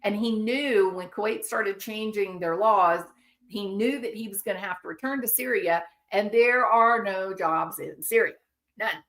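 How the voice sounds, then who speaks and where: Woman commentary host, mid-pitched voice, indignant, emphatic delivery with rhetorical asides. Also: unhurried, a bit bright. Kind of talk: opinionated commentary.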